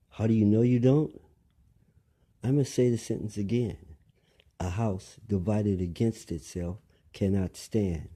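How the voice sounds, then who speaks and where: A man's voice: fairly low pitch, mellow, husky. A man delivering a rambling monologue, lecturing listeners, repeating phrases and asking them pointed questions.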